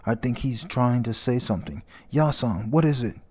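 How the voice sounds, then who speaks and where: A man's voice: mid-range voice, lively intonation, normal speed, dark tone, slightly rough. A man voicing an urgent young male giant from a comic, pleading for help.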